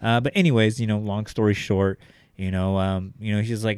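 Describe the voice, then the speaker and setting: A man's voice: lowish voice, fairly even intonation, fairly quick, a little mellow, smooth, dry recording. A young man telling a story in casual chat, rambling with lots of fillers and swearing.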